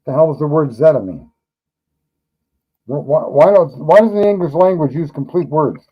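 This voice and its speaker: A man's voice: a little high, moderate pace, husky, lo-fi sound. Blunt, profane New man. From New York. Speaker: livestream host. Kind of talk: casual livestream chat.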